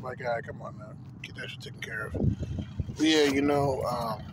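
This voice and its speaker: Man ranting profanely over loud vehicle noise. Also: mid-range voice, moderate pace. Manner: profane, rambling street storytelling, heavy filler words. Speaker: vlogger. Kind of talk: casual rant to camera. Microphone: phone camera.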